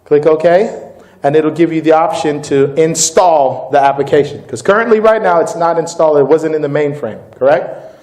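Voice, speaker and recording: A man, a company CEO, giving a live product demo and sales pitch to a room of distributors, upbeat and informal, often calling them "guys.". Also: normal speed, darkish tone, echoey room. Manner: upbeat, informal, keeps addressing the crowd as "guys". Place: meeting room with live audience.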